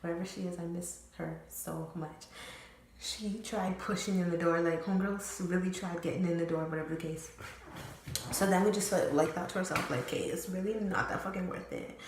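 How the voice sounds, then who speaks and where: A woman's voice: fairly low pitch, steady tone, a little fast, a little hiss or hum. A young woman telling a candid, rambling personal story to her viewers, full of fillers and swearing. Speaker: storytime vlogger. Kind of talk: casual storytelling. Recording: very echoey room.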